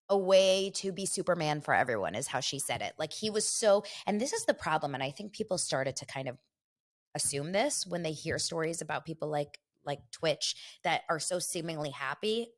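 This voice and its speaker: Chatty woman host, animated storytelling. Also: lowish voice. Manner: animated storytelling, acting out her own reactions. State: has a cold. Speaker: host of a daily pop culture show. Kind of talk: casual livestream chat.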